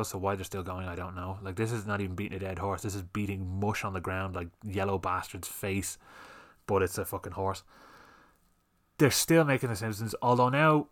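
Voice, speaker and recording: A man's voice: on the low side, fairly bright tone. A man hosting a solo podcast, ranting fiery and sweary about comedy and censorship. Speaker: podcast host.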